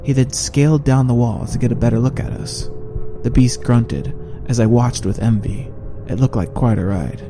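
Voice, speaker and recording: A man reading a fantasy audiobook in steady, measured first-person narration. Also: medium pitch, music in the background.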